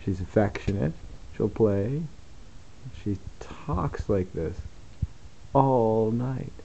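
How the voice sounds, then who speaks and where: A man's voice: fairly low pitch, animated, drawn-out words, vocal fry, mellow, muffled recording, slight background noise. A man at home filming his pet cat, talking to her in a coaxing, chuckling way. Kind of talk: casual home video talk to a pet. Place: home room. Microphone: handheld camera mic.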